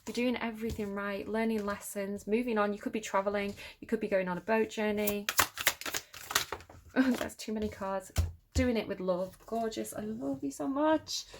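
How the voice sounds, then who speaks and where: A woman's voice: mid-range voice, steady tone, moderate pace, background noise. Encouraging woman reading tarot cards. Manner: warm and encouraging, thinking aloud with fillers. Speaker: tarot reader.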